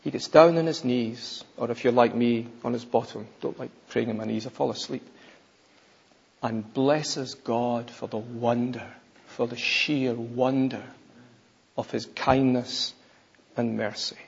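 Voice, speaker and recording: Male pastor, unhurried sermon delivery, rough husky tone, swings from soft to loud. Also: medium pitch, steady tone. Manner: slow, emphatic preaching with sudden loud rises and hushed drops. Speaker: preacher. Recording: dull, lo-fi recording in a reverberant hall.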